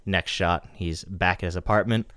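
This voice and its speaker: A man's voice: low-pitched, fairly even intonation, moderate pace, fairly bright tone, smooth, no room sound, studio quality. A man co-hosting a podcast, casually recapping a TV episode and swearing now and then. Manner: laid-back, swears casually. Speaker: podcast co-host.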